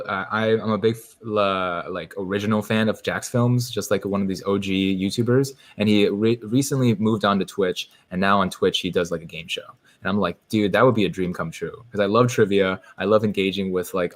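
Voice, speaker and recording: A man's voice: lowish voice, steady tone, fairly quick, hardly any pauses. A man chatting casually as a podcast guest, rambling with lots of fillers and restarts.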